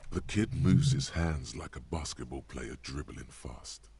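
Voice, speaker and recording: A deep, gravelly game narrator. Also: male voice, mellow, heavily acted. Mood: wry. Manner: slow, measured, wry, literary.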